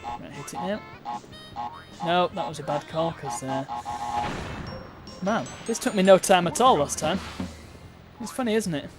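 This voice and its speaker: A man's voice: on the high side, animated, a little slow, pauses often, music in the background. Chatty man streaming a game. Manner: chatty, playful and self-mocking. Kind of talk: live game-stream commentary.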